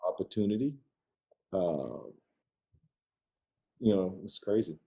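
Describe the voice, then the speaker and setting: A man's voice: deep voice, expressive, takes it slowly, dark tone. A man speaking as a podcast guest, passionate and driving his points home through repetition. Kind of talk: conversational interview.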